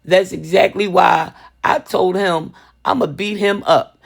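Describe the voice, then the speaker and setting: A woman's voice: on the low side, steady tone, a little slow, creaky, pitched above the performer's own voice. Woman doing her teasing, amused aunt.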